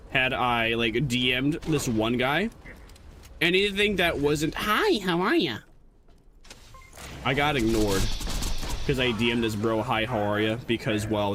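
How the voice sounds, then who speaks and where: A man's voice: mid-range voice, a bit bright, slight background noise. A man streaming as a VTuber, chatting casually in a rambling, joking way and correcting himself as he goes, with lots of stammered restarts. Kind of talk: casual livestream chat.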